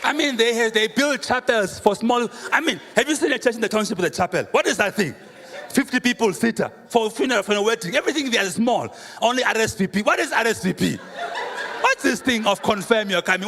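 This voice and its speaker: A man, a pastor preaching a sermon with humorous, animated storytelling and rhetorical questions. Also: sits high, vocal fry. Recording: reverberant hall, faint room noise.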